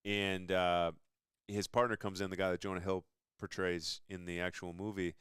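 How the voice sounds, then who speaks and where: A man's voice: low voice, level tone, normal speed, fairly bright tone, clear, resonant tone, no room sound, clean studio sound. A young man hosting a casual interview chat, talking enthusiastically and rambling between points. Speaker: show host.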